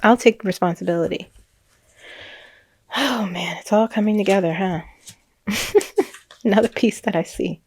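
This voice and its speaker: A woman's voice: mid-range voice, a little slow, long pauses, darkish tone, husky, dry recording. Chatty woman in a dry, close recording. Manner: chatty, laughs often, rambling restarts. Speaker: psychic reader. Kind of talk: casual monologue recounting a reading.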